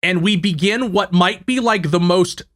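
A man's voice: high voice, normal speed, a bit bright. A man casually recapping a movie plot on a podcast, swearing and laughing along the way. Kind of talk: casual chat.

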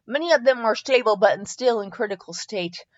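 A woman's voice: on the high side, lively intonation, a little fast, highs cut off. Woman reading fanfiction aloud, stumbling over typos. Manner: stumbles, laughs at typos and corrects herself. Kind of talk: comedic dramatic reading with asides.

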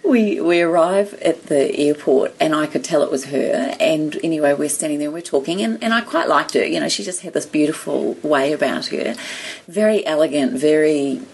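A woman telling a story in casual chat, animated, laughing often and acting out the people in it. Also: sits low, normal speed, creaky, husky. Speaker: guest storyteller.

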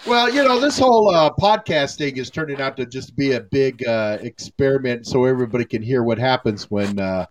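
A man's voice: mid-range voice, expressive, fairly quick, hardly any pauses, slight background noise. An older American man hosting a podcast, joking and rambling in casual chat, laughing often. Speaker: podcast host.

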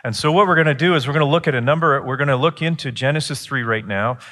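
Speaking quickly, a middle-aged man preaches a sermon in an earnest, teaching tone. His voice climbs higher and louder whenever he drives a point home.

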